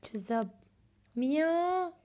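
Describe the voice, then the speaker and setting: High lively woman livestreamer, slow talk. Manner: playful, laughing, simple broken English. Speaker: livestream host. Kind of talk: casual livestream chat.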